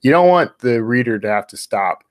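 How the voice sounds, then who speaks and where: A man, an author guest, explaining his writing methods in a relaxed casual chat with lots of fillers. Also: mid-range voice, normal speed, no echo, clean studio sound.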